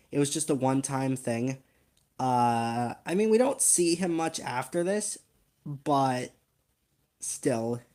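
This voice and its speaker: A man's voice: mid-range voice, darkish tone. Brief: male channel host, casual reaction commentary; rambling, self-deprecating, slangy. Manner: rambling, laughing at himself, slangy. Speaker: channel host reacting to his old video.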